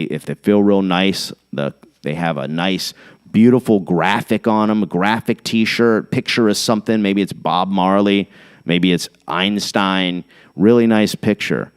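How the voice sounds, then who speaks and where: A man's voice: fairly low pitch, clean tone. A middle-aged man hosting a podcast, rambling casually, jumping between topics and reading definitions aloud off the screen. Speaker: podcast host.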